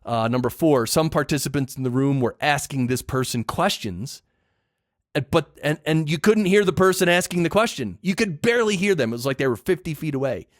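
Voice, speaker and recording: A man's voice: on the high side, animated, a little fast, no room sound, clean studio sound. A man hosting a solo podcast, giving a casual, opinionated rant full of emphatic repeats and blunt judgments. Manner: opinionated, emphatic ranting with repetitions. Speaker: podcast host.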